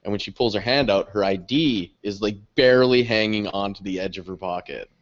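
A young man co-hosting a podcast, telling stories in casual chat. He swears often, laughs through his stories and jumps high when he quotes other people. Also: a little fast. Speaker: podcast co-host. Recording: dull lo-fi podcast audio.

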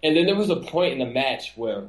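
Guy chatting on a podcast, animated, room echo on his voice. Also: brisk. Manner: animated, acts out quotes in a high mocking voice. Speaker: podcast co-host. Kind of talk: casual wrestling podcast chat.

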